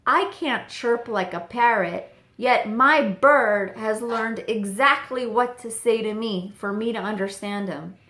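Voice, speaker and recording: A young woman telling a story on her vlog in an animated way, quoting herself and her parrot. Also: on the high side, unhurried, hardly any pauses, slight background noise. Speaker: parrot channel vlogger. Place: home room with birds. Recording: echoey room.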